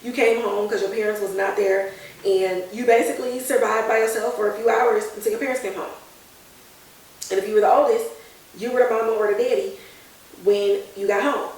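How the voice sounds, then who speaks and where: Woman podcast host, animated slangy recapper, recorded off-mic in a very reverberant space. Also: mid-range voice, brisk, recorded from a distance. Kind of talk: casual TV episode recap. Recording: very echoey room, off-mic.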